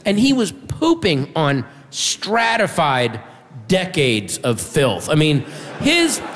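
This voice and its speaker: A man doing a stand-up comedy set, telling a story with animated delivery and shouting his punchlines. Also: a little high, slow. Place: comedy club stage with audience. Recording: reverberant room with faint audience.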